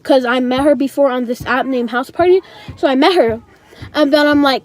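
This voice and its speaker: Chatty high-voiced teen girl storyteller. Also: normal speed, no echo. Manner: chatty, dramatic retelling with many "I'm like" asides. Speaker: vlogger. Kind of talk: casual storytelling.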